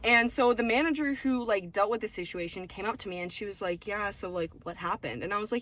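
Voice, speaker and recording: A young woman co-hosting a casual podcast, telling her stories with lots of swearing and animated, acted-out quotes. Her pitch sits in the middle of the range. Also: brisk, hardly any pauses, dry recording. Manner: profane, animated storytelling. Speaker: podcast co-host. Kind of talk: casual chat.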